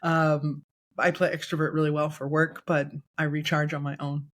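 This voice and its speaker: A woman's voice: low-pitched, little pitch movement, moderate pace. A woman guest in a casual podcast interview, a candid, chatty storyteller who often laughs. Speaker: guest choral conductor and educator.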